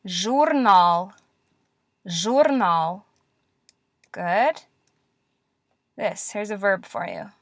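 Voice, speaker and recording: A woman teaching Russian letters in a classroom-style lesson, patient and encouraging, repeating words slowly. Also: medium pitch, expressive, dry recording, studio quality.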